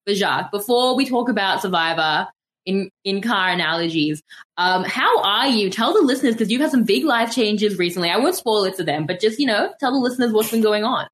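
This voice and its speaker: A woman's voice: medium pitch, expressive, brisk, fairly bright tone. A woman hosting a podcast in casual chat, with a playful, teasing way of talking. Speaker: podcast host.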